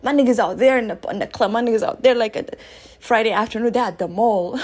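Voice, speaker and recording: A woman in her thirties, with a voice that sits a little high, hosts a radio show in a casual spiritual monologue. She talks with animated energy, jumping to loud bursts and then dropping to soft, near-quiet asides. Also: fast talker, soft background music. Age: 30s.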